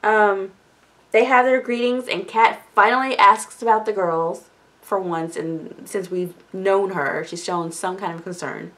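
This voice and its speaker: A woman's voice: medium pitch, fairly bright tone. Chatty young woman recapping a book. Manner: chatty, paraphrases characters in quick quoted asides, swears casually. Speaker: book discussion host.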